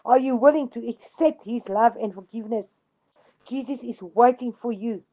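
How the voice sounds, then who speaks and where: A woman's voice: fairly high pitch, moderate pace, dark tone, highs cut off. Earnest woman on devotional radio. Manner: earnest storytelling with emphatic repetition.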